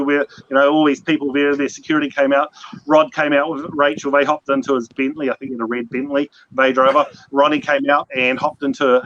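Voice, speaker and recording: A man's voice: mid-range voice, fairly bright tone. A man with a New Zealand accent, hosting a casual chat and telling long, rambling stories with many restarts. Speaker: host. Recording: dull lo-fi audio, faint noise.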